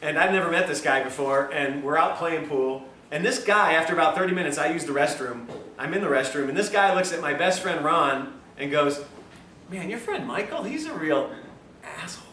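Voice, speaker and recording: A man lecturing to a class, spinning stories and slipping into the voices of the people in them, with frequent laughs. His voice sits high and bright. The recording catches him from across an echoey room with faint background hiss. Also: moderate pace, distant mic. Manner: animated, acts out dialogue in stories, laughs often. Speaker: health lecturer. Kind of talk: storytelling lecture to a live class.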